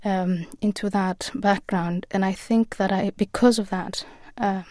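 A woman guest in a radio interview, speaking earnestly and in a measured way with frequent pauses. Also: mid-range voice, steady tone, a little mellow, dry recording, clean studio sound. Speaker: author and guest.

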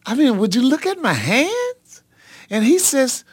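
Slow, dramatic middle-aged male pastor. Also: huge pitch swings, slightly rough, dry recording. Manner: dramatic, halting, full of ums and sudden pitch leaps. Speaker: pastor and singer, interview guest. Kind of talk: storytelling in an interview.

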